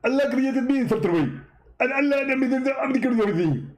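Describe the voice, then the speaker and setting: A man doing a smug, high-voiced gloating preacher. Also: animated, brisk, poor audio. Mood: boastful. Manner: pompous, gloating, high-pitched. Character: boastful smug male preacher, mocking impression.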